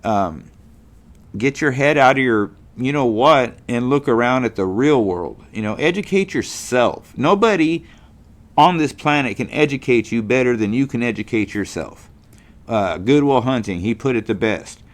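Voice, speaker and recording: A middle-aged Californian man hosts a casual monologue podcast, rambling folksily with plenty of fillers and restarts. His mid-range voice is animated and moves at a moderate pace.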